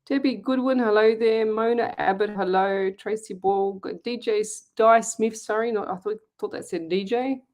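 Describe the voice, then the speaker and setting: A woman's voice: medium pitch, steady tone, moderate pace, few pauses, a little mellow. A middle-aged Australian woman, a psychic medium hosting a live stream, chatting casually, laughing easily and greeting viewers by name.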